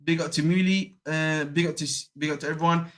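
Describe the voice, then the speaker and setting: A man's voice: fairly high pitch, steady tone, brisk, a bit bright. A young man hosting a football fan stream, chatting casually, repeating himself and using slang. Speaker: football channel host. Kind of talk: casual live-stream chat.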